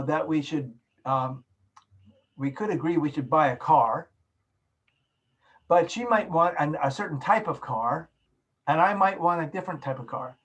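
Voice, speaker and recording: A man teaching a course over a video call, explaining slowly and illustrating points with everyday examples. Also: fairly high pitch, a bit bright, slightly rough, low-quality recording. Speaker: course instructor. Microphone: video call microphone.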